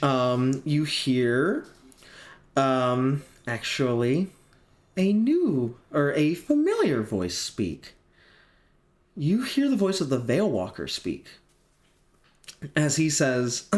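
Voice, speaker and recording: A man acting as game master, narrating a tabletop game with frequent pauses and fillers. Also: medium pitch, big pitch swings. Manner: hesitant, filler-heavy narration.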